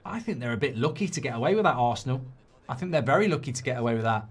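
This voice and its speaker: A middle-aged man hosting a live football watchalong, reacting to the match. He swings between muttered analysis and loud outbursts. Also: medium pitch, rapid-fire, breathy edge. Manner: excitable, swings from muttering to shouting.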